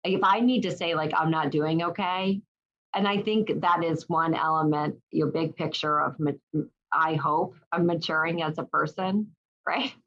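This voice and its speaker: Middle aged woman telling a story on a podcast, kinda low voice, lively, muffled audio. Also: normal speed. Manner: lively, animated storytelling with frequent restarts. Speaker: guest. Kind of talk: casual storytelling in an interview. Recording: dull lo-fi sound.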